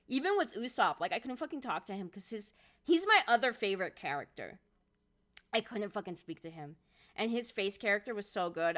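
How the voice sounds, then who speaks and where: A young adult woman chatting casually on a live stream, excitable and quick to swear and laugh. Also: medium pitch.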